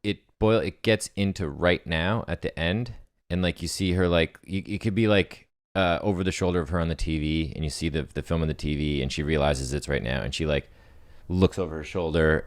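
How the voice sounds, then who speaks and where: Guy with a super low voice, kinda halting, talking through a horror script idea, dry close sound. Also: no room sound. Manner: halting, thinks aloud with many fillers. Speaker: co-host writing a script. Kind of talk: casual brainstorming chat, then reading a script aloud.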